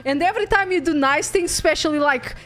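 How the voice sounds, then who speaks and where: A young woman streaming a game, chatting casually in an excitable, rambling way and swearing freely. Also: high-pitched, fast talker. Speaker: VTuber streamer. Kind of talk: casual gameplay chat.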